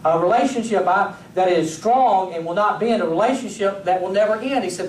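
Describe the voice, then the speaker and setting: A man's voice: high-pitched, normal speed, a little hiss or hum. A pastor preaching a sermon, telling stories animatedly and talking straight to his congregation. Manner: animated storyteller who acts out scenes, addresses the congregation directly. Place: church sanctuary. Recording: echoey church room, voice from a distance.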